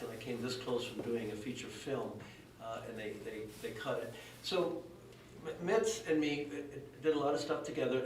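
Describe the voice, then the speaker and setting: A man's voice: medium pitch, a little hiss or hum. A middle-aged man speaking at a memorial service, telling rambling, self-deprecating stories about a friend. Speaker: eulogy speaker. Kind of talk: storytelling tribute at a memorial service. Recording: echoey room, voice from a distance.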